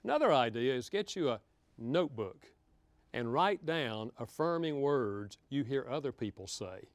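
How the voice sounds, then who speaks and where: A man's voice: mid-range voice, lively intonation, moderate pace, dry recording. An older man, giving a folksy, humorous talk on marriage to an audience. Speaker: speaker on marriage. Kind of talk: lecture to an audience.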